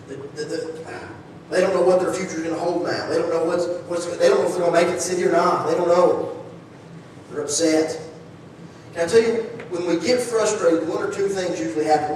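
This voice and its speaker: Preaching in a church sanctuary, this man has a high-sitting voice with a darkish tone, and he speaks conversationally, starting phrases over and asking the congregation questions. A faint hiss or hum sits under the audio, which was captured by a distant mic in an echoey hall.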